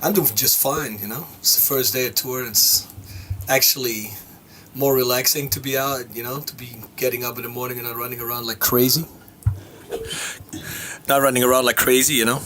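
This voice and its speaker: A relaxed man chatting as a guest in a tour bus lounge, with a faint bit of noise behind him. His voice sits at a middling pitch, and he laughs easily and leans on "you know" between thoughts. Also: normal speed. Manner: easygoing, laughs often, says "you know" a lot. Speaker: podcast guest, singer and tour manager. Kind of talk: casual interview chat.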